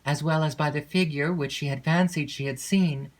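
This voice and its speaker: A woman narrating a classic gothic novel in an unhurried, measured storytelling voice. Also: low voice, steady tone, rough recording. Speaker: audiobook narrator.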